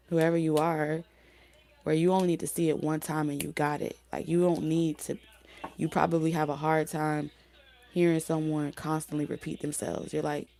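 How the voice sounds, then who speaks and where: A woman with a low, mellow voice talks through a tarot reading in a loose, rambling way. She circles back, restarts her sentences and leans on fillers, and her voice sounds like it is wearing out toward hoarseness. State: losing her voice. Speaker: tarot reader. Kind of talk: casual spoken tarot reading.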